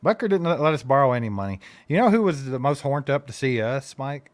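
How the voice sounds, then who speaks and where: Man, from Kentucky, co-host, wry easygoing chat, middle pitch, dry close sound. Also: expressive, fast talker, no room sound. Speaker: co-host of a fan show. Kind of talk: casual livestream banter.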